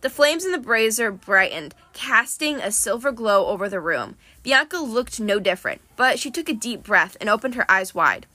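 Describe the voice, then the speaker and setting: A woman narrating a first-person novel in a steady storytelling read. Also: a little high, moderate pace, hardly any pauses, dry recording. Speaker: audiobook narrator.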